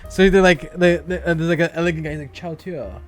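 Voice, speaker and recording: A man's voice: fairly high pitch, flat delivery, fast, faint music behind. A young man co-hosting a casual podcast chat, swearing freely and laughing often. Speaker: podcast co-host.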